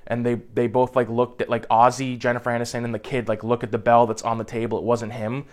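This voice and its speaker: This young man's mid-range voice is monotone as he rushes through a movie plot summary. His recap rambles, peppered with swearing and plenty of "like" fillers.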